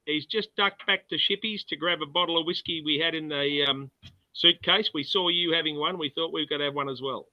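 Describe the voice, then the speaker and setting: An Australian man, a guest distiller, chatting in a relaxed way over a video call. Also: on the high side, brisk. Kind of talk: casual video call chat. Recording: dull lo-fi video call audio.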